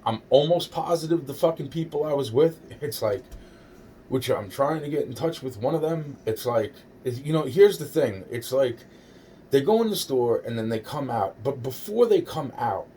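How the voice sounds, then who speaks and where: A man's voice: medium pitch, dark tone, recorded from a distance, a little hiss or hum. Rambling, profane man in his forties. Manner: rambling, profane, repeats himself. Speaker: storyteller. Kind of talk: casual personal storytelling.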